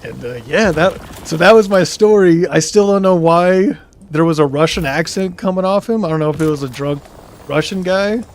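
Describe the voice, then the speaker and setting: A man's voice: sits high, normal speed, a little hiss or hum. A young man streaming, telling a story casually and reading chat comments aloud, laughing now and then.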